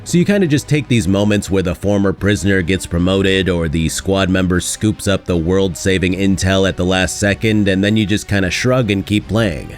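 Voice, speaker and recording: Sarcastic low-voiced man narrating a video essay. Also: soft background music. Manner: sarcastic, critical, mocks lines with quick put-on quotes.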